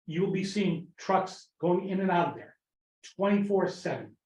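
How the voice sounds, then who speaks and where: A man's voice: sits high, lively intonation, normal speed, darkish tone. A man in his fifties speaking bluntly and scornfully at a town meeting public comment. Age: 50s. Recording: echoey room, dull lo-fi sound.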